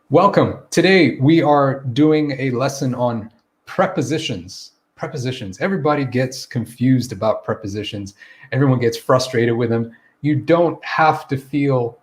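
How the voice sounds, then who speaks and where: Relaxed man teaching a live English lesson. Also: medium pitch. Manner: relaxed, encouraging, checks in with "okay?"; greets viewers by name mid-lesson. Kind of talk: live online grammar lesson.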